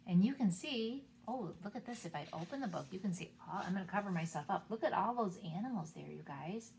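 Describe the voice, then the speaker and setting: A woman hosting a preschool show, reading a picture book aloud in a gentle, sing-song voice and asking the children questions. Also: mid-range voice, lively intonation, fairly quick, vocal fry, hardly any pauses, slight background noise.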